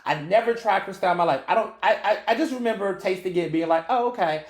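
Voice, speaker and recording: A man in his thirties hosting a podcast, telling a story in a casual, animated way and swearing freely. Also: high-pitched, fast, reverberant. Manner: animated, acts out quoted dialogue, swears freely. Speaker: podcast host.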